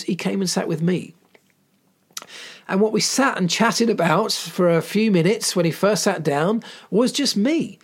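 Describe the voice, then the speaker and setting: A middle-aged man, a former mechanic, telling a personal story in an earnest, emphatic way and repeating phrases for weight. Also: high voice. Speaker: former Formula One mechanic.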